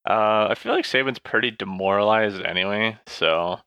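A man's voice: on the low side, normal speed, sharp tone, clear, resonant tone, dry recording. A man playing a tabletop game, chatting and joking with the group. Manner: joking, playful. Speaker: player.

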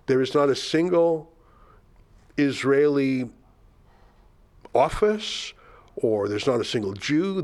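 A man's voice: mid-range voice, a little mellow. An older man hosting a political commentary show, sarcastic and indignant as he mocks the statements he reads out.

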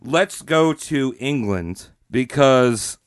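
A man voicing a broke, scheming Italian brother in a comedy retelling, pitched low and hushed. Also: expressive, drawn-out words, clear, resonant tone, no echo, clean studio sound.

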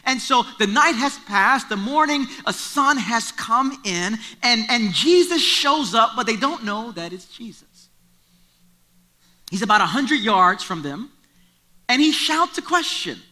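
A man's voice: very high-pitched, animated, unhurried, bright, forceful tone. A man preaching a sermon, retelling a story in a conversational way and driving points home through repetition. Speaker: pastor.

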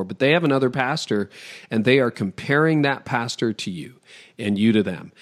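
A middle-aged man from Toronto, a pastor talking on a podcast in an animated, emphatic way, giving practical advice in quick lists. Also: mid-range voice. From Toronto, Canada. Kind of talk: conversational podcast interview.

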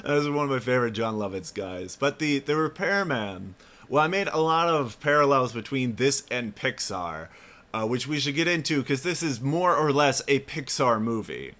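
A man's voice: mid-range voice, animated, moderate pace, sharp tone. A man co-hosting a podcast, chatting loosely about a film and laughing easily. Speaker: podcast co-host. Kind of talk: casual film discussion.

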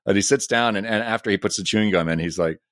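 Podcast co-host, man, low voice, easygoing and quick to laugh, dry close sound. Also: a bit bright, dry recording. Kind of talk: casual chat.

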